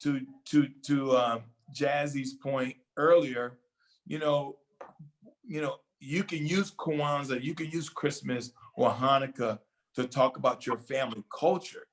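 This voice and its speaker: A man's voice: mid-range voice, fairly even intonation, a little slow, low-quality recording. Older man, reflective, hesitant, lots of fillers, talk show chat. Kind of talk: casual talk show conversation.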